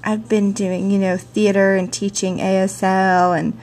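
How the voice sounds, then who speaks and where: A woman who teaches sign language and theater, telling a personal story in a lively, chatty way full of "you know", recorded on a camcorder mic. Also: mid-range voice, unhurried. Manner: animated, chatty, laughs often, many "you know" fillers. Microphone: handheld camcorder mic.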